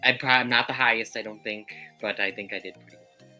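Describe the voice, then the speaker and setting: Woman with a super low but bright voice, kinda unsure, keeps correcting herself. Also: steady tone, fast talker, faint music behind. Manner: hesitant, self-correcting. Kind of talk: casual film discussion.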